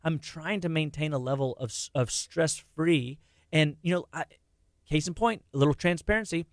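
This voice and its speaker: Animated man on a radio health show. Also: on the high side, no echo, clean studio sound. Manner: animated, talks fast with many restarts and repeated words. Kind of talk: casual radio health talk.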